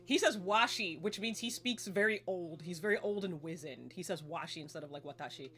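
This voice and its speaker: A young woman streaming a game live, chatting excitably, laughing and swearing casually as she plays. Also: fairly low pitch, fairly quick. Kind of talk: live gameplay commentary. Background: faint game music.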